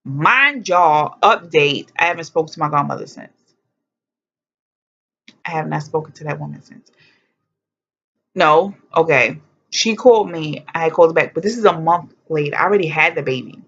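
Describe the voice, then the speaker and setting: Young woman vlogging, lowish voice, blunt and animated, swears a lot, muffled lo-fi audio. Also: normal speed, long pauses. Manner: animated, blunt, swears freely, acts out quotes. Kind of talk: casual storytelling to camera. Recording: dull lo-fi sound.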